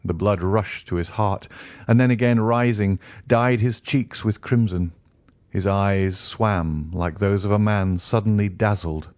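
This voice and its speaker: A man narrating a classic novel as an audiobook in a measured way. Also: lowish voice, darkish tone, dry recording.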